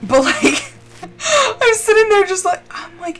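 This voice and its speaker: A woman streamer chatting casually and expressively while playing a game, full of fillers and quick laughs. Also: very high-pitched, very animated, fairly bright tone. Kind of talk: casual chat while gaming on a live stream.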